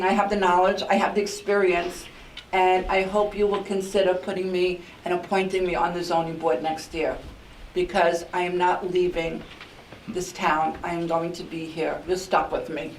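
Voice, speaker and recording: A woman's voice: fairly low pitch, flat delivery, normal speed, slight background noise. An older woman from New York with a New York accent, an outgoing mayor giving a heartfelt farewell speech at a council meeting, repeating herself with many ums. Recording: echoey room, mic at a distance.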